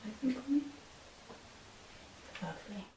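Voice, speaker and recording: A woman talks through a makeup tutorial, her voice a bit gravelly and soft as she coaxes her model. She sounds set back from the mic in a roomy space. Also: high voice, lively intonation, measured pace, slight background noise. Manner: soft-spoken, coaxing instructions to a model. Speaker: makeup artist. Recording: roomy, from a distance.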